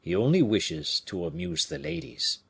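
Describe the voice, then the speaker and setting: Brief: male reader doing a humble falconer in a storybook, deep, hushed and husky. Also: lively intonation, normal speed, full character voice. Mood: subdued. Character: humble, regretful royal falconer, man.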